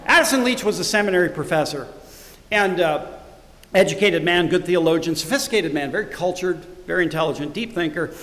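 A middle-aged man, the church's pastor, preaching a sermon; he swells loudly on scripture verses and drops to quiet, conversational asides. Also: sits high, lively intonation, fairly quick, reverberant, long reverb tail. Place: church sanctuary.

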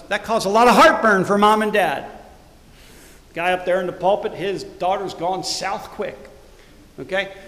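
Middle-aged man, pastor, sermon, high voice, long church echo, swings from loud to quiet asides. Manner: dynamic preaching, swelling loud on scripture then dropping to quiet asides. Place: church sanctuary.

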